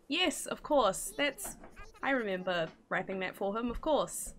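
A young woman giving casual, excitable gameplay commentary, gasping and swearing as she plays. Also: high-pitched, measured pace. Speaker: gaming streamer.

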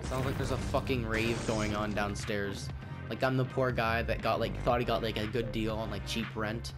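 A man giving casual gameplay commentary, rambling and swearing, with sudden loud outbursts. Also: lowish voice, steady tone, normal speed, loud music behind the voice. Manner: profane, rambling, jumpy outbursts. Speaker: gaming YouTuber.

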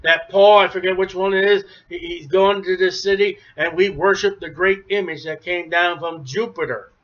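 A man preaching a sermon, emphatic, rising to near shouts then dropping low. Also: fairly even intonation, moderate pace. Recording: dull lo-fi recording.

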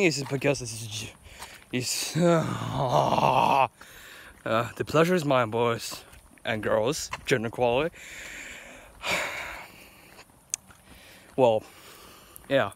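A man's voice: mid-range voice, a bit bright. A man vlogging while walking outdoors at night, rambling goofily and often correcting himself. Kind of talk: casual rambling vlog.

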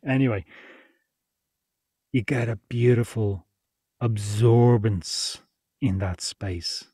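A man's voice: on the low side, takes it slowly, pauses often, warm tone, husky, no room sound, clean studio sound. Chatty, informal man teaching a workshop. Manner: chatty, informal, laughs while explaining. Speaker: podcast production instructor.

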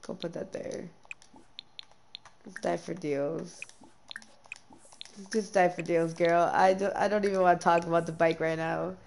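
Gravelly-voiced young woman chatting over gameplay. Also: on the low side, steady tone, measured pace, long pauses, darkish tone, a little hiss or hum. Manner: chatty, frequent ums, easily dismayed. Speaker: gameplay streamer. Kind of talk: casual gameplay commentary.

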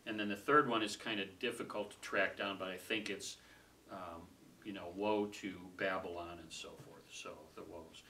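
A man leading a casual Bible study group, talking conversationally, laughing easily and trailing off softly. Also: low voice, fairly even intonation, moderate pace. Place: small room with a group. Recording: distant mic with faint room noise.

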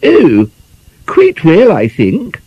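A man's voice: a little high, huge pitch swings, extremely slow, husky, no room sound, voice pushed up, full character voice. A man voicing an affected, prim woman who is easily shocked, speaking in a genteel, mannered way. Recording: dull, muffled audiobook recording.

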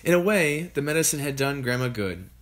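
Animated storybook reader. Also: mid-range voice, fairly quick. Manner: expressive, animated. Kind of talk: reading a children's book aloud.

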